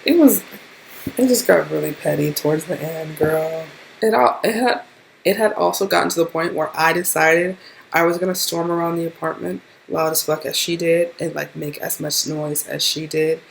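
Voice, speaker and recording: A woman's voice: low-pitched, moderate pace, vocal fry, slight background noise. A young woman vlogger animatedly telling a profane storytime tale to her camera. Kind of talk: storytime vlog.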